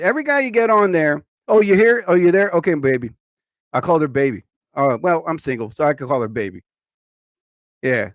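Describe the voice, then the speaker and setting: A man hosts a live stream in a loose, joking way, talking straight to his viewers. His voice sits fairly high and swings widely in pitch, and bursts into shouted catchphrases. The sound is dry and close to the mic. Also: dry recording. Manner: animated, jokey, talks to chat, shouts catchphrases. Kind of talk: casual live stream chat.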